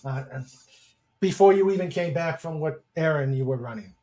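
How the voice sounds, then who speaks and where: A man's voice: on the high side, lively intonation, moderate pace, warm tone. A man hosting a casual podcast stream, chatting with guests and reading viewer comments aloud, with lots of fillers and chuckles. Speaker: podcast host.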